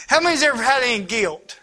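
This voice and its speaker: A man preaching a sermon with passion, shifting between loud, urgent lines and hushed, near-whispered ones. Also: very high voice, sing-song, moderate pace. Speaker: pastor.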